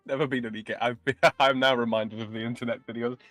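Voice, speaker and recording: A man's voice: medium pitch, steady tone, quick pace, fairly bright tone, no room sound, faint music behind. A man co-hosting a casual livestream chat, teasing the others and checking the chat.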